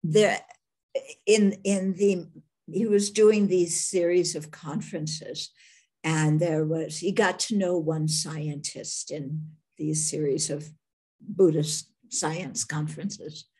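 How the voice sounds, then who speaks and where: Slow husky American-born woman teacher. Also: sits low, steady tone, warm tone. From United States. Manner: thoughtful, halting, with many restarts. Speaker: Buddhist nun teacher. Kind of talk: Q&A talk telling a story.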